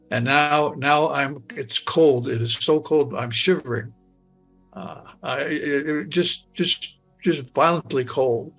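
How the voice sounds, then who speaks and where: Older man in his 80s, gravelly, stumbling restarts, soft music under him. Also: mid-range voice. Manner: halting, stuttering with many restarts. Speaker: near-death experience survivor. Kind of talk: personal recollection.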